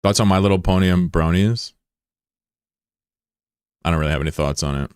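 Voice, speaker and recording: Low-pitched American guy streaming, cracking crude jokes while answering chat, dry close mic. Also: brisk, a little mellow, clean tone, no echo. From United States. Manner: joking, profane, rambling asides. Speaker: live streamer. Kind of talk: casual chat, reading out viewer comments.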